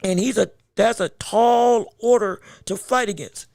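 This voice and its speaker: A man hosting a podcast, in an animated, exaggerated sports rant that swings between playful fury and laughter, often stumbling over his words. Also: sits high, unhurried, gravelly, no room sound, clean studio sound. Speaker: podcast host.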